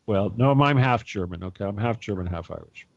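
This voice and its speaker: A man's voice: lowish voice, animated, fairly quick, gravelly, dry recording. Rambling man telling stories, dull sound. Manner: rambling storyteller with laughs and restarts. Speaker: podcast host. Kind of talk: casual chat.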